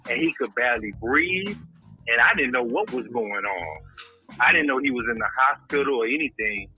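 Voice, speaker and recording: At home in Houston, a guest recounts a friend's illness in an impassioned, preacher-like testimony, calling people brother and using religious phrasing as he grows louder and intense. His mid-range voice is animated at normal speed, with faint music behind and poor audio.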